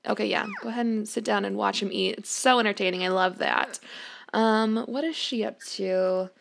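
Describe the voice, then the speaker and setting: Giggly woman with a gravelly edge. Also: mid-range voice, fairly even intonation, moderate pace, a little hiss or hum. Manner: chatty, giggly, talks to her game characters. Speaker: gameplay streamer. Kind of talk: casual let's-play commentary. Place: home room.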